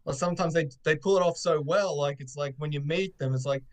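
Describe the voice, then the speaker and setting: A man's voice: on the high side, fairly quick. A man co-hosting an interview show on a video call, asking long rambling questions full of fillers. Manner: hesitant, filler-heavy, rambling. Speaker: podcast co-host. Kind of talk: casual interview chat.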